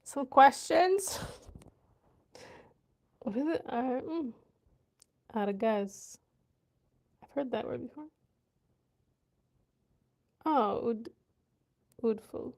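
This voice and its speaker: High-voiced giggly woman sounding out words. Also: lively intonation, drawn-out words, creaky, pauses often, darkish tone. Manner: giggly, sounding out new words aloud, muttering to herself. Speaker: vlogger learning a language. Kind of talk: casual learning vlog.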